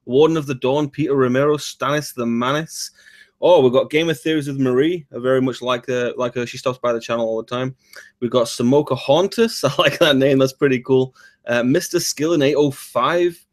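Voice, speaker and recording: A man's voice: mid-range voice, steady tone. A man from Manchester with a Mancunian accent, a livestream guest reading out viewers' names with brief asides. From Manchester, England. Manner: rapid roll call, brief asides.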